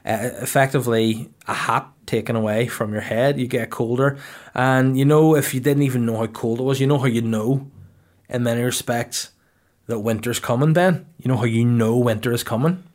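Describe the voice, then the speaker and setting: A man's voice: mid-range voice, moderate pace, darkish tone. A man, hosting a podcast in casual, rambling chat that runs on jokes and swearing. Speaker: podcast host. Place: podcast studio.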